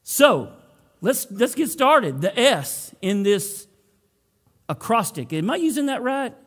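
A man's voice: very high voice, very animated, takes it slowly, a bit bright. A man preaching a sermon as pastor, opening with a prayer and tossing folksy jokes to the congregation in a church sanctuary. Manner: folksy, joking asides to the congregation.

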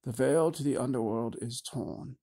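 A man doing a calm old wizard. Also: mid-range voice, slightly rough. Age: older. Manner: calm, measured and reassuring. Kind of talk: audiobook character voice.

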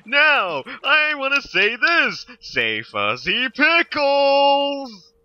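A man putting on the voice of an obnoxious male photographer character, loud and grating. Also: extremely high pitch, huge pitch swings, no room sound, muffled recording, pitched above the performer's own voice, heavily acted. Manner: loud, drawn-out, grating announcer delivery.

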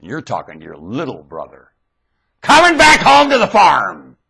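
Gravelly, husky man on a webcam rant: wildly swinging pitch, shouts then mutters. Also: wildly swooping pitch, normal speed. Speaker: vlogger. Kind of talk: ranting monologue to webcam. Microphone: webcam mic.

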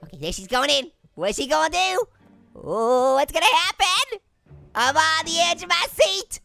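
A hyper male cartoon orange, with an extremely high, squeaky voice that bounces all over the place. His tone is bright and sharp, and he cracks puns and giggles at his own jokes. He chatters through a video game as comedic commentary. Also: expressive, normal speed, creaky, faint music behind, heavily acted. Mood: giggly hyper. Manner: giggly, punning, jokey. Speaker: let's play host.

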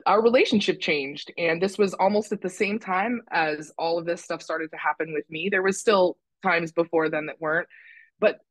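A woman's voice: on the low side, normal speed, dry recording, low-quality recording. A woman guesting on a podcast, talking candidly and critically about herself, with some swearing for emphasis. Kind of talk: candid conversational chat.

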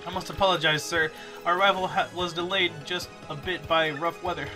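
A man puts on a polite boat sailor who keeps calling the passenger sir. The voice sits higher than his own and stays formal, with game music underneath. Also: steady tone, brisk, lightly acted. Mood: courteous.

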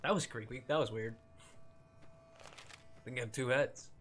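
A young man streaming a video game, casually joking and reacting out loud to what happens on screen. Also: medium pitch, unhurried, a little hiss or hum. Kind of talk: let's-play commentary.

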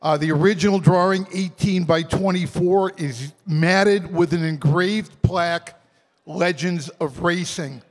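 A man's voice: sits high, a little slow, big-room sound. A man, the artist, chatting and joking as he talks about his artwork at a charity auction. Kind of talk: speaking at an event.

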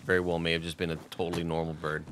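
A man streaming a video game, excitable and profane, laughing and talking to his chat. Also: low voice, rapid-fire, slight background noise. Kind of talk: live gameplay commentary. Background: game music and sound effects.

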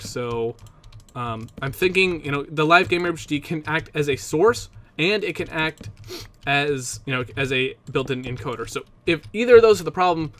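A young man talks straight to his viewers from his desk, rambling and correcting himself mid-sentence. His voice sits a little high. Soft keyboard clicks sit faintly under the talk. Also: a little hiss or hum. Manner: rambling, self-interrupting, talks to viewers directly. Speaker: Minecraft let's play YouTuber. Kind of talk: casual vlog chat about PC hardware.

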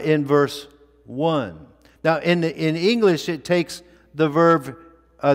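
Slow, deliberate male pastor preaching. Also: a little high, long reverb tail. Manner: deliberate, emphatic preaching with repeated phrases. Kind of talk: sermon. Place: church sanctuary.

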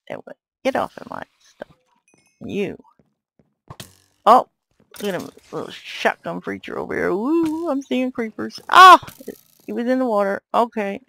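A woman giving let's play commentary, yelling at enemies and muttering to herself. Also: mid-range voice, vocal fry, no room sound, poor audio. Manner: exclaims and yells at enemies, then mutters to herself. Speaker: gamer.

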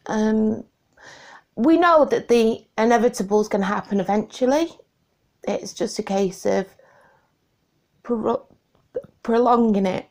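A woman speaks slowly and hesitantly in a home interview about her family, filling gaps with ums. Her voice has a gravelly, creaky edge. She sounds emotional, close to tears and laughing through them. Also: mid-range voice, lively intonation, darkish tone. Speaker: interviewee, wife of the video maker. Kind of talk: home video interview answers.

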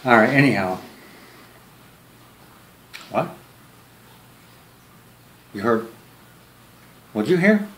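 A man's voice: medium pitch, sing-song, very slow, long pauses, a bit bright. Joking man on a roomy call. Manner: joking, rambling, self-deprecating, repeats words. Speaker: vlogger. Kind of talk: one-sided phone chat to camera. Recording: roomy with faint ambience.

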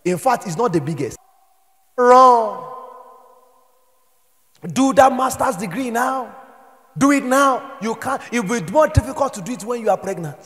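A Nigerian man preaching a sermon as pastor, moving between quiet storytelling and shouted exhortation. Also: extremely high pitch, animated, fairly quick, in a large hall.

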